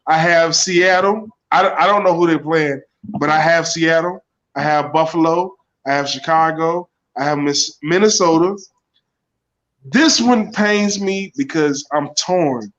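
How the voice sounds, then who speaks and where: A man's voice: on the high side, unhurried, a bit bright. Brash, profane man on muffled audio. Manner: brash, profane, rattles off picks. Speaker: podcast co-host. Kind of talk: casual sports podcast chat.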